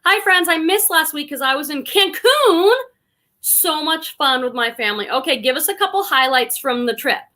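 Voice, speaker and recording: A woman from Boston hosting a casual live stream, chatting warmly and greeting viewers one by one as she reads the chat aloud. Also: sits high, expressive, moderate pace. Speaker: live stream host and online reseller.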